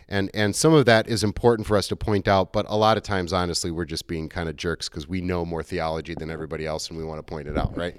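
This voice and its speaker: A man's voice: fairly low pitch, smooth, dry recording, clean studio sound. Conversational male pastor preaching. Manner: conversational, acts out quoted dialogue. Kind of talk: sermon.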